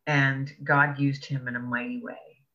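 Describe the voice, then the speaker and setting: A woman's voice: extremely low pitch, little pitch movement, measured pace, bright, forceful tone. A woman guest on an interview show, telling a personal story earnestly and with laughs between thoughts. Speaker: podcast guest, author. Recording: dull lo-fi audio.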